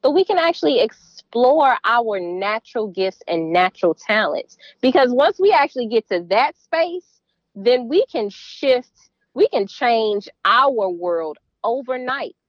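A woman's voice: fairly high pitch, sing-song, a little slow, no echo, muffled recording. A middle-aged woman with a Southern US accent, a guest in a casual interview, speaking earnestly and emphatically. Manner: earnest, emphatic, warm laughs.

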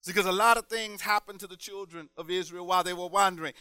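A man preaches a sermon in a high, bright voice that rings clear and smooth. He works in a rhythmic cadence, swelling to shouted peaks and sinking back to hushed lines. The sound is close and dry. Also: steady tone, quick pace, no room sound.

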